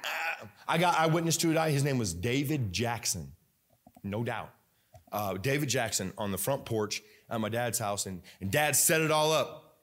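A man preaches a sermon in a church. He tells lively stories with many fillers, restarts and repeated phrases, and his voice sits at an ordinary pitch for a man. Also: moderate pace. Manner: energetic, animated storytelling with many fillers and repetition. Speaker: pastor. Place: church sanctuary.

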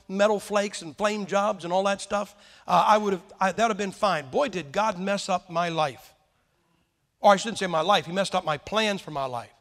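A man's voice: sits high, a bit bright. A man preaching a sermon, telling stories in a folksy way and putting questions to the congregation. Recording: long hall reverb.

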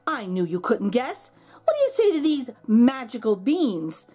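A cheerful, quick-witted young boy from a fairy-tale book speaks eagerly in a high, bright voice, as a woman reading aloud puts him on. His lines rise and fall with lively energy.

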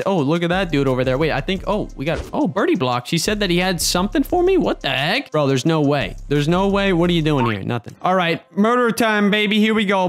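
A young man giving excitable, jokey commentary over his own gameplay. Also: sits high, a little fast, hardly any pauses, faint music behind. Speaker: gaming YouTuber.

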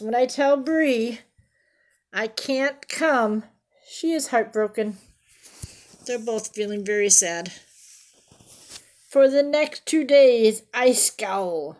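A woman's voice: mid-range voice, a little mellow. A woman reading a picture book aloud to children, stopping often to ask about the pictures and explain fancy words. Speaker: storybook reader.

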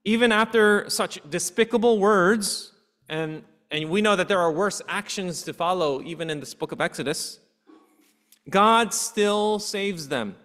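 A pastor delivers an earnest sermon, asking his congregation rhetorical questions, his voice echoing with long reverb in the church sanctuary. He speaks a little slowly, with a high-sitting, fairly bright tone.

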